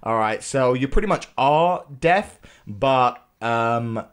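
A man's voice: medium pitch, animated, takes it slowly, smooth. A man with a British accent giving a casual reaction commentary to a quiz, chatty and prone to sudden outbursts. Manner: chatty, keeps tagging "okay?", bursts into squealing outrage.

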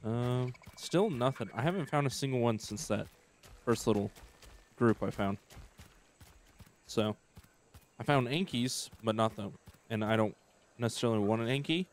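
A man's voice: mid-range voice, normal speed, long pauses. A young man giving casual let's-play commentary, thinking aloud and hesitating often. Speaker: gameplay commentator.

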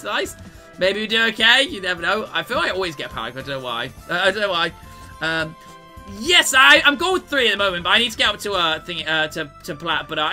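A male streamer chats rapidly through a live game session, greeting viewers and apologizing often. His voice is bright and forward, and his pitch sits a little high. Faint music plays underneath. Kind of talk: live gaming stream chat.

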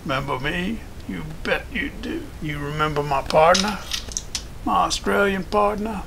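A man's voice: sits high, measured pace, creaky, background noise. A man voicing a boastful male showman who treats the show as his own, speaking in a brash, cocky way.

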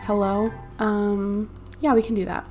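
A woman's voice: mid-range voice, flat delivery, a little slow, darkish tone, soft background music. A woman hosting a let's play, chatty and narrating each move on a USB desktop mic. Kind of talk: casual gameplay commentary.

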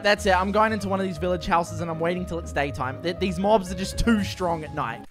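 A young man playing a video game for the first time, commenting excitedly and panicking, shrieking and repeating himself when scared. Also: high-pitched, fairly quick, few pauses, soft background music. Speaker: gaming YouTuber. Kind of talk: casual gameplay commentary.

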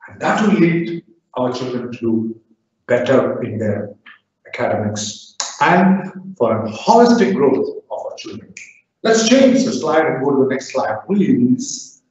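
A man giving a lively, exhorting lecture to teachers as a professor. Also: medium pitch. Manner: lively, exhorting, acts out quick asides. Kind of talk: animated lecture. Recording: echoey hall, far from mic, dull sound.

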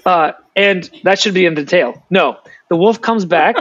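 A man guest on a video-call interview, retelling folk tales in an animated way with frequent restarts. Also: high-pitched, moderate pace, dry recording, muffled recording. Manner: animated storyteller, restarts often. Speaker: author and guest. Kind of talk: storytelling interview answers.

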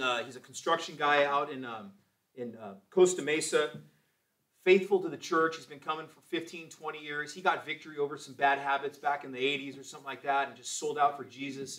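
A man in his forties teaches a church Sunday school class, speaking emphatically, exhorting his listeners, and sharing testimony stories as asides. His voice is on the high side and a bit bright, captured by a distant mic.

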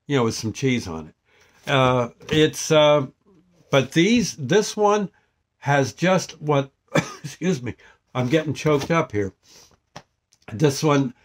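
An older man reviewing a store-bought pizza in a rambling, folksy, halting way with many restarts. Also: fairly high pitch. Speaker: vlogger. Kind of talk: casual product review.

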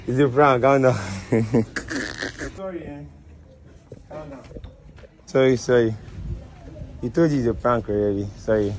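Man, Nigerian accent, prank host, apologetic, soothing, mid-pitched voice, outdoor street, faint traffic behind. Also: animated, slow pace, long pauses, darkish tone, rough recording. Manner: repetitive, apologetic, soothing with frequent laughs. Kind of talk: casual prank banter.

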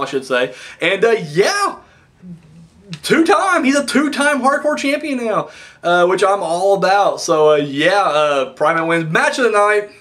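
Man, young adult, bright tense voice, excitable, rambling, casual review, swearing. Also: sits high. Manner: excitable, rambling, swears freely, self-correcting. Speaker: wrestling show reviewer.

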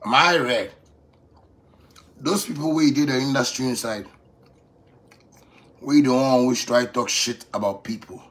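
A man in his thirties speaking Ghanaian Pidgin English in a boastful, swaggering off-the-cuff rant. He repeats phrases for emphasis and swings from quiet to loud. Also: mid-range voice, unhurried, long pauses. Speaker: musician addressing critics.

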